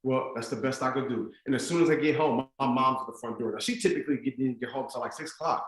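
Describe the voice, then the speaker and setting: A man giving a motivational keynote to school staff, telling a story in an animated, conversational way, heard with an echoey stadium sound. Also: mid-range voice, fast talker. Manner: animated, conversational storytelling with lots of "like" and "you know what I'm saying". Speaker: motivational speaker.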